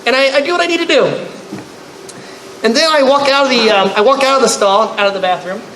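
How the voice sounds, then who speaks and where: Brief: male convention panelist, high and bright, echoey panel room, comic storytelling with animated voiced-out characters. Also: quick pace. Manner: animated, acts out others with loud high-pitched outbursts. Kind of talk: comedic storytelling to a live audience. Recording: echoey room, faint noise.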